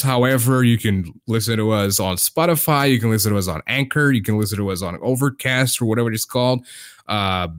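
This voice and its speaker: A man's voice: mid-range voice, smooth. A young man hosting a casual podcast, rambling and hesitant with plenty of fillers. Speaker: podcast host.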